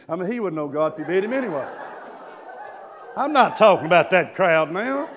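A man preaching a sermon, telling stories and breaking into shouted hallelujahs. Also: fairly high pitch, sing-song, a little fast. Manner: emphatic storytelling, bursts into shouted hallelujahs.

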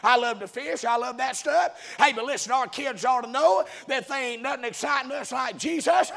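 A man's voice: extremely high pitch, normal speed, vocal fry, hardly any pauses. A man preaching a fiery sermon, hollering and then dropping to a murmur. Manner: hollering, swinging between shouts and murmurs.

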